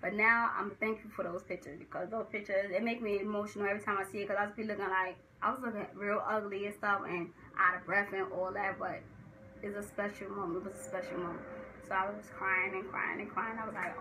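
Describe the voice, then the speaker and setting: A young woman telling the story of giving birth in a casual vlog, animated and acting out what people said. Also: quick pace, slight background noise, low-quality recording. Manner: animated, acts out quotes with rising pitch.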